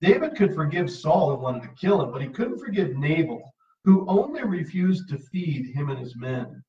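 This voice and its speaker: A man's voice: on the high side, sing-song, moderate pace, warm tone. A man teaching verse by verse through the Bible as a pastor, earnest and emphatic, often repeating his key phrases. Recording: echoey, distant, dull sound.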